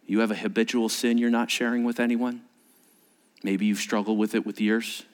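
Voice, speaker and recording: A man preaching as pastor at a church service. His delivery is animated, swinging between emphatic points and hushed, whispered asides. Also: on the low side, normal speed. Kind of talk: sermon.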